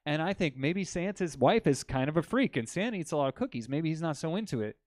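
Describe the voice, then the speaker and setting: A man doing a stand-up comedy set in a comedy club, telling crude jokes with deadpan delivery and bantering with the crowd. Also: on the high side, fast, no echo.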